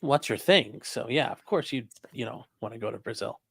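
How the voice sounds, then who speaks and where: Lively, joking livestream host. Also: medium pitch, normal speed, vocal fry, breathy edge, dry recording. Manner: joking, teasing. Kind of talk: casual chat reacting to a trial stream.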